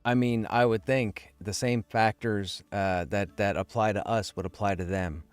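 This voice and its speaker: Low-ish guy streaming a game, chatty and jokey, faint music behind. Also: steady tone, a little slow, clear, resonant tone. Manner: chatty, joking, self-deprecating. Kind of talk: casual live-stream chat while gaming.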